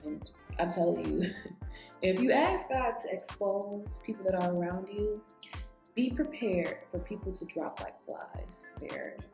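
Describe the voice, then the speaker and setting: A woman beauty vlogger chatting casually while doing her makeup, an animated storyteller who talks straight to her viewers. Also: medium pitch, a little slow. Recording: echoey room with faint background music.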